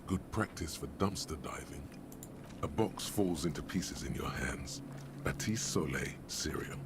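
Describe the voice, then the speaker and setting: A man voicing a video game's wry, ominous inner-voice narrator, speaking in a measured, half-whispered way. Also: very deep voice, animated, full character voice. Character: the detective's brooding inner voice, male, wry and ominous. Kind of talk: scripted video game narration. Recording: game audio with noisy ambience.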